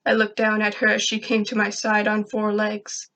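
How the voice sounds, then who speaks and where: A woman reading a first-person fan fiction story aloud, steady and even. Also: medium pitch, normal speed.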